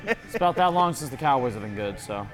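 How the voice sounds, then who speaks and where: Fast-talking, opinionated sports podcast man. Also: medium pitch, animated, music in the background. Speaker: podcast co-host. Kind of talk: casual sports banter.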